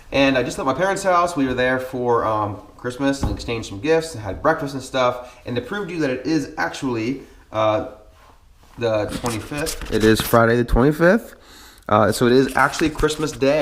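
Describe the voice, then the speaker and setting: A man in his thirties talks straight to the camera in a casual, earnest vlog. His voice sits at an ordinary middle pitch, and he fills his talk with ums. The room around him rings with echo. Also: slight background noise. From Pennsylvania, USA. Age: 30s. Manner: earnest and chatty, many ums. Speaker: car vlogger.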